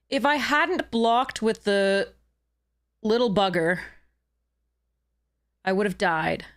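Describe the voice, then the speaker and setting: A woman's voice: medium pitch, lively intonation, extremely slow, long pauses. A young adult woman streaming a card game, talking to herself in frustration, swearing and laughing in exasperation. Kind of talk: livestream game commentary.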